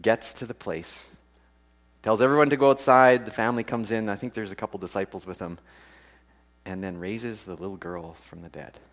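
A man giving a casual, chatty sermon. He laughs often and acts out the people in the story with big jumps in pitch. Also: moderate pace. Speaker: preacher.

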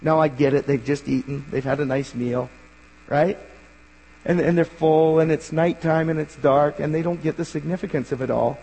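A male pastor preaching a sermon in an earnest way, rising to emphatic bursts and dropping quiet. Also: fairly high pitch, fairly even intonation, normal speed, creaky, slightly rough. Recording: long hall reverb.

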